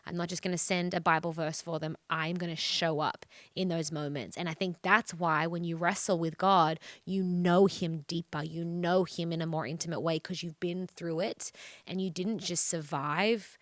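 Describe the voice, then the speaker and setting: Earnest Australian woman, lowish voice. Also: fairly even intonation, normal speed, dry recording. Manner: earnest, encouraging, heartfelt. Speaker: guest. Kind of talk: faith testimony in a TV interview.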